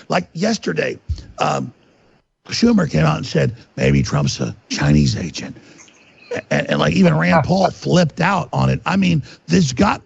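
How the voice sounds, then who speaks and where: A man's voice: sits high, gravelly, breathy edge. A man ranting indignantly and emphatically as an interview guest, on dull lo-fi audio. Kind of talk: heated interview talk.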